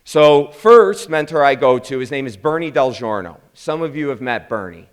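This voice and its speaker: A man's voice: medium pitch, animated, moderate pace. A man in his thirties from Chicago with a Chicago accent, a founder and lead instructor giving a casual storytelling presentation to students and acting out quoted dialogue. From Chicago, South Side. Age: 30s. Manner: casual, acts out quoted dialogue, "I'm like" asides.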